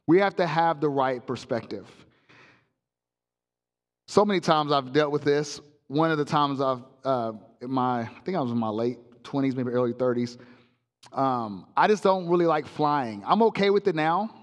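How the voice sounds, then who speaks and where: A male pastor preaching a sermon, telling a comic story with sound effects in an animated way. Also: fairly high pitch, moderate pace, in a large hall. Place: church sanctuary.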